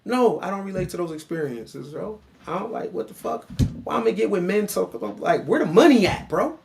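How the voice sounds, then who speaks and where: A man with a noticeably high voice hosts a casual reaction commentary. He talks bluntly and emphatically, answering the clip directly and repeating the other man's name for emphasis. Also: lively intonation, moderate pace, creaky, a little mellow.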